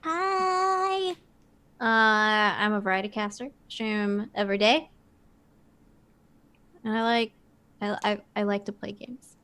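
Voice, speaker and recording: A woman's voice: mid-range voice, takes it slowly, pauses often, sharp tone, clean tone. A woman tabletop player and streamer chatting casually, giggly and bubbly. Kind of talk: casual chat.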